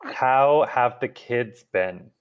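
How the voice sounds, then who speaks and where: A man's voice: medium pitch, drawn-out words, clean tone, highs cut off. A man asking casual, curious questions as an interviewer.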